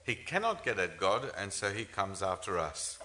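A man's voice: deep voice, very animated, normal speed, sharp tone. A man preaching a sermon as pastor, earnest, with rhetorical questions and frequent "uh" fillers.

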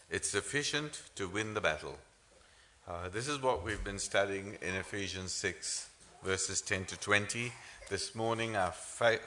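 A man's voice: fairly low pitch, bright, forceful tone. A man preaching a sermon as pastor, earnest, with rhetorical questions and frequent "uh" fillers.

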